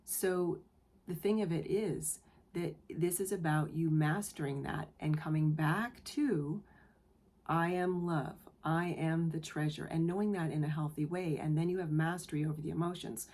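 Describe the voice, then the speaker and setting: A woman with a low voice hosts her own channel and gives her viewers a tarot reading to camera at normal speed. Gentle, earnest and affirming, she grows emotional and comes close to tears during the spiritual reading.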